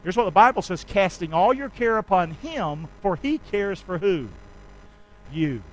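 A male pastor preaching a sermon, leading his congregation in call-and-response and swinging from shouts to quiet asides. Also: high-pitched, sing-song, measured pace, rough recording. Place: church sanctuary.

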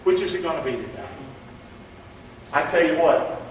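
A man's voice: a little high, animated, moderate pace. A male pastor preaching a fervent sermon, calling on the congregation to repeat his words. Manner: fervent preaching with call-and-response. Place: church. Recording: echoey hall from far off, noisy.

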